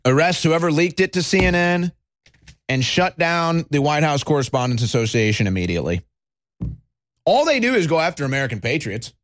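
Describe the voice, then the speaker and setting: A man's voice: fairly high pitch, big pitch swings, brisk, a bit bright. A man hosting a political talk show, ranting in a combative, mocking way and swearing freely. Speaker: political commentary host. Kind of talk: angry political rant.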